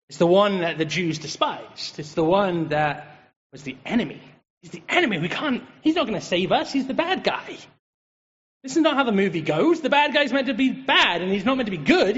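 An English man giving a chatty, lively sermon as a preacher, joking with the congregation. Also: sits high. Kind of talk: conversational sermon. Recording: dull, reverberant hall sound.

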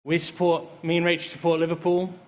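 High-voiced English man preaching. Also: brisk. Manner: lively, joking and chatty. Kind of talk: conversational sermon. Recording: dull, reverberant hall sound.

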